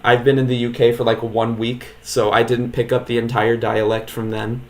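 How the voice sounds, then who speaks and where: A man's voice: mid-range voice, flat delivery, moderate pace. A man streaming a video game, chatting casually with viewers in a laid-back, filler-heavy way. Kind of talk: casual live-stream commentary.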